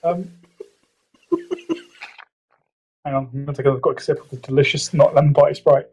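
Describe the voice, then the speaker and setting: A man's voice: steady tone, brisk, darkish tone, breathy edge. A man hosting a casual podcast chat, rambling, giggling and swearing, slipping into mock impressions. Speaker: podcast host. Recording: low-quality audio.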